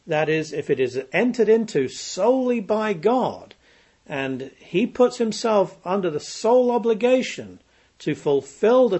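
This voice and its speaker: Husky man giving a lively Bible lecture. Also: on the high side. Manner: emphatic, repeats key points for stress. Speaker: Bible teacher.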